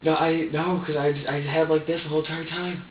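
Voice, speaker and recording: A man's voice: fairly high pitch, flat delivery, a little hiss or hum. Stammering man heard from far off. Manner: halting, stammering, many restarts; acts out his own past words. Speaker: suspect being questioned. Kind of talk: police interrogation. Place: interrogation room. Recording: distant echoey phone-like archive audio.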